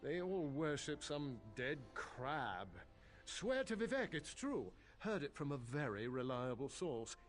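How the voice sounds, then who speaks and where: A man's voice: fairly high pitch, big pitch swings, unhurried, faint music behind. An actor playing a folksy male caravaner in a video game, sharing rumors and offering rides. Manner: folksy, conspiratorial.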